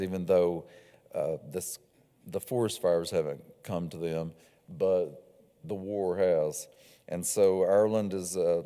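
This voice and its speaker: A man, an author, talking casually about his book and reading from it in a lecture hall, with a few fillers. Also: sits low. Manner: relaxed and conversational, with fillers.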